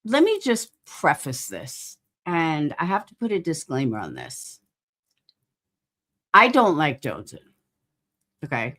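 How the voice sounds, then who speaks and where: A woman's voice: low voice, huge pitch swings, unhurried, long pauses, fairly bright tone. A woman hosting a casual commentary stream, talking bluntly and with swearing, rambling and groping for words while she greets chat viewers. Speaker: livestream host.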